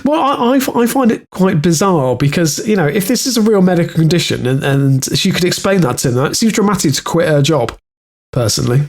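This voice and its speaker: A man's voice: high voice, animated, brisk. A man with a Welsh accent co-hosting a podcast, reading news stories aloud in casual chat with many fillers and restarts. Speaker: podcast co-host.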